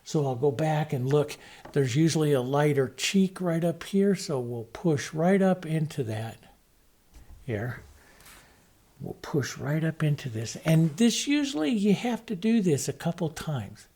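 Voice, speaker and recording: A man's voice: fairly high pitch, animated, a little slow, mellow. A middle-aged man teaching painting, talking easily and thinking aloud as he works, with frequent fillers. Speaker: painting instructor. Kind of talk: relaxed step-by-step painting demonstration.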